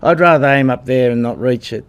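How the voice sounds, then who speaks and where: A man's voice: medium pitch, a little fast, smooth, lo-fi sound. A man in his sixties from Australia, a rugby head coach answering at a press conference in a blunt, combative way, calling people mate.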